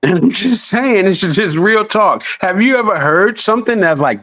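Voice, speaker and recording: A man in a casual podcast chat, swearing freely and preaching with animated storytelling. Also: sits high, measured pace, dry recording, muffled recording.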